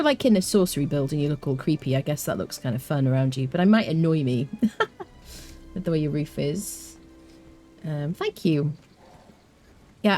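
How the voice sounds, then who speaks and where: A woman's voice: low-pitched, a little mellow. A British woman streaming a game live, chatting casually, rambling with fillers and answering her chat. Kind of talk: casual live gameplay commentary.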